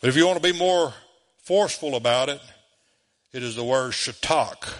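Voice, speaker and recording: A man's voice: medium pitch, normal speed. A man preaching a sermon in a folksy, conversational way, chuckling often. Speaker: pastor.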